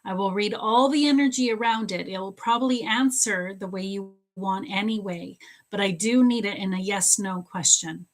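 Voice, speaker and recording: A woman's voice: mid-range voice, moderate pace. A middle-aged woman doing live psychic readings, talking straight to viewers by name, often repeating herself and laughing. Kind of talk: live-stream readings answering viewer questions.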